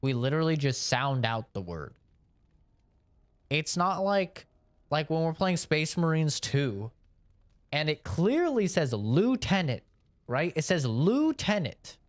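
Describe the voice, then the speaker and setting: An opinionated man from Canada rants his way through a casual stream chat, spelling out words letter by letter as he argues. His fairly high voice swoops up and down with lively expression, and he takes his time over each point, close and dry on the mic. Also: takes it slowly, no echo. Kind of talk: casual rant during a live game stream.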